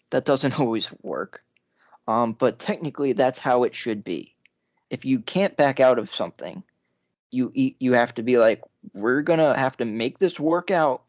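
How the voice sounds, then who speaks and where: A man's voice: medium pitch, no echo. A young man co-hosting a podcast, giving earnest opinions in casual chat and laughing between points. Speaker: podcast co-host. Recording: dry, muffled mic.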